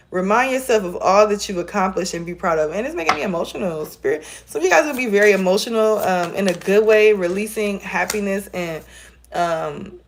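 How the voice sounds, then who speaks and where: A woman's voice: medium pitch, vocal fry, a little hiss or hum. A woman giving a casual tarot reading to her viewers, chatty and encouraging, calling them y'all, recorded on a phone camera. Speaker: tarot reader.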